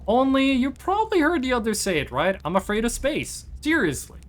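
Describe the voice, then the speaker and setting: Streamer reading nervous alien explorer, game dialogue, self-deprecating, rambling, animated pitch. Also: fairly quick, lightly acted. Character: nervous male alien explorer, scared of space.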